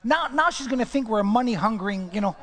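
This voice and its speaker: A man preaching a sermon and telling a story, swinging between loud exclamations and hushed whispers. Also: high-pitched, animated, fast. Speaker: pastor. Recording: long hall reverb.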